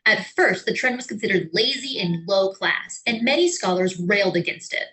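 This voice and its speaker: Bright, lively American woman narrator. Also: mid-range voice, normal speed, poor audio. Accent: General American. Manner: clear, explanatory, with sung or acted example words. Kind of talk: scripted educational narration.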